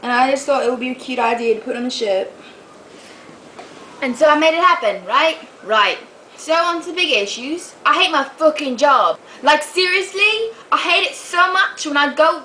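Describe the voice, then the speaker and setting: A young woman with a high, bright voice rants straight into her camera, chatty and animated, swearing freely as she tells her stories. Her voice comes through a built-in camera mic, with faint room noise behind it. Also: moderate pace, poor audio. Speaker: vlogger. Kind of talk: casual rant to camera.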